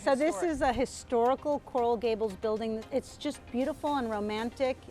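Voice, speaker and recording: A woman's voice: on the high side, moderate pace, darkish tone. A woman chef and restaurant owner chatting playfully in an interview, laughing easily. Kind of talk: casual interview chat. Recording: music under voice.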